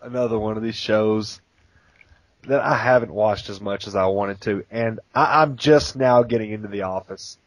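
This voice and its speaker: A man's voice: lowish voice, normal speed, dry recording, poor audio. A man co-hosting a podcast, chatting enthusiastically and laughing often as he talks. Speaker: podcast co-host. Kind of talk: casual podcast chat.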